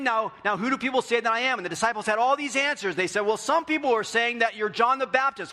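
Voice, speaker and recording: A man preaching a sermon as pastor, animated, acting out the quotes in a raised voice. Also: high-pitched. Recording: hall with long reverb.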